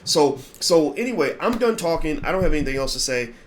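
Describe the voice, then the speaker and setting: A man's voice: fairly high pitch, expressive, a little fast, slight background noise. Blunt, emphatic man talking. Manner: emphatic and blunt, repeats words when starting sentences. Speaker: host of a commentary channel. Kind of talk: commentary monologue.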